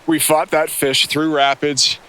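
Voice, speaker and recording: Excited man hosting a fishing show. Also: a little high, measured pace, smooth. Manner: enthusiastic, exclamatory. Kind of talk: excited on-the-water fishing instruction. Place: outdoors on a river, in a boat.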